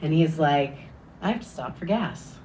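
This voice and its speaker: A woman doing stand-up, telling a crude story in a dry, deadpan way with sudden hushed asides. Her voice sits a little low. She is picked up from a distance, with clear room noise behind her. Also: moderate pace. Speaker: stand-up comedian.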